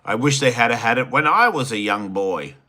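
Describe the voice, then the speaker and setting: A man's voice: medium pitch, animated, moderate pace, pushed and bright. A man with an Australian accent, hosting a solo livestream, reading chat questions and answering in a crude, teasing, rambling way. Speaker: host.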